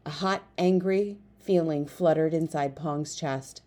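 Mellow, low-voiced woman audiobook narrator. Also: measured pace. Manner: lively, voicing each character in turn.

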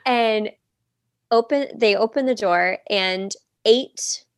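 A woman in her thirties shares a personal story as a podcast guest. She talks casually, with plenty of "like" fillers, and is recorded close and dry. Her voice sits at a middling pitch for a woman. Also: measured pace, no echo. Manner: chatty, many "like" fillers, acts out quoted speech.

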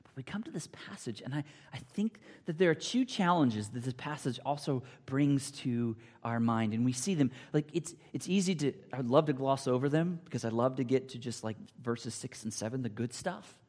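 A man preaching a sermon, emphatic and repetitive, swinging between loud declarations and near whispers. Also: mid-range voice, expressive, normal speed, few pauses. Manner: emphatic, repeats phrases, drops to near whispers. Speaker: pastor. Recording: long hall reverb.

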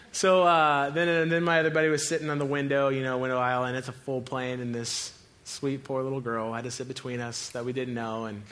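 A man's voice: mid-range voice, fairly bright tone. A young man preaching a sermon in a casual storytelling way, often laughing and acting out the voices of the people in his stories. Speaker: pastor.

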